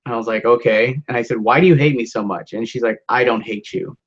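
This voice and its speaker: A man's voice: mid-range voice, quick pace. A young man rambling through a story in casual chat with a friend, with many fillers and swearing. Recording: dull lo-fi sound.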